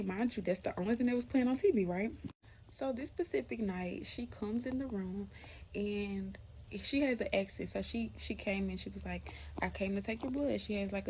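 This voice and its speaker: A woman's voice: mid-range voice, slight background noise. A young woman from Alabama, casually telling a true spooky story straight to her viewers. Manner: chatty, addresses viewers as y'all, drops to a hushed tone for spooky parts. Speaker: storyteller, channel host.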